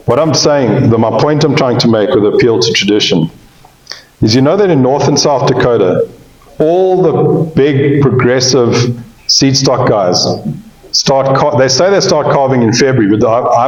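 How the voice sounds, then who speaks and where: A man's voice: medium pitch, darkish tone. A man giving a pre-sale presentation on cattle, folksy and joking, often checking in with the audience. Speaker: cattle industry speaker. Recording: roomy, slightly dull sound.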